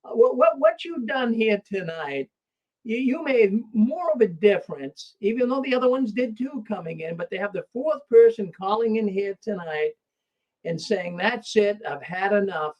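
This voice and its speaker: Excitable high-voiced male talk show host. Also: normal speed, dull audio. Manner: excitable, repetitive, stumbling restarts. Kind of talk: live call-in talk show.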